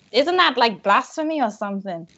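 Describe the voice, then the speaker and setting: A woman's voice: on the high side, lively intonation, moderate pace, bright, forceful tone, slightly rough. A woman playing her character in a tabletop game, dry and teasing in a mock-stern way. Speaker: player. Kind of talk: casual in-character tabletop play. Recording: dull lo-fi sound.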